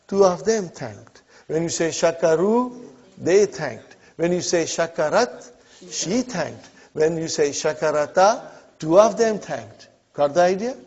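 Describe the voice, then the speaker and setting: A man teaching an Arabic class speaks slowly and deliberately, repeating verb forms and prompting students with quick check-ins. His voice sits slightly high for a man. The recording is dull and lo-fi. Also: darkish tone. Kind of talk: classroom Arabic grammar lesson.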